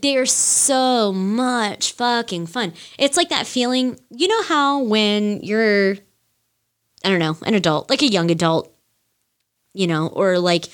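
A woman in her thirties hosting a podcast, chatting casually and rambling with lots of fillers and the odd swear as she gushes. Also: medium pitch. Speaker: podcast host. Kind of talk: casual solo music chat.

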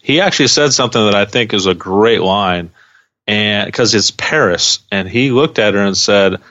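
A man's voice: fairly low pitch, moderate pace, pushed and bright, no echo, highs cut off. A man co-hosting a podcast, chatting casually and talking through his take on a reality show. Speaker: podcast co-host. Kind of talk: casual recap chat.

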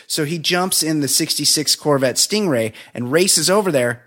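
A man's voice: a little high, moderate pace, few pauses, a bit bright. Chatty man retelling a movie. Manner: rambling, laughs often, retells scenes with quoted dialogue. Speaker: podcast co-host. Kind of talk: casual movie review chat.

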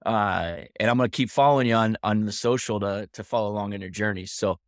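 A man's voice: lowish voice, quick pace, no room sound, studio quality. A man hosting a podcast interview, chatting casually and cheering his guest on. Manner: encouraging, affirming, calls guest man. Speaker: podcast host.

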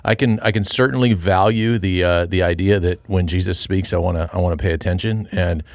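A middle-aged man with a halting, earnest way of talking, sharing thoughts on a Bible chapter in a casual discussion. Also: deep voice, fairly even intonation, no room sound, clean studio sound. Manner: earnest, halting, with many restarts and fillers. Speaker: podcast co-host and Christian father.

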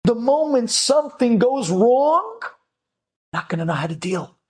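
A man's voice: extremely high pitch, a little slow. A man telling an inspirational story with animation, acting out each voice. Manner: animated, acts out every voice. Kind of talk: storytelling talk.

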